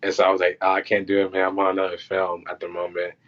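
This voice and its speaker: A man who works on film crews speaks fast in a deep, completely flat voice. As a podcast guest he tells casual stories from set, acting out quotes and reactions, and the recording has a dull lo-fi sound.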